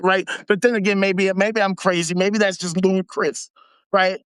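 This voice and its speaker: A man with a high-pitched voice rants on a live stream, heated and sarcastic, swearing constantly. His voice sounds close and dry, with no room around it. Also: normal speed, fairly bright tone, clear, resonant tone, dry recording. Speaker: livestream host. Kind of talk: angry profane rant.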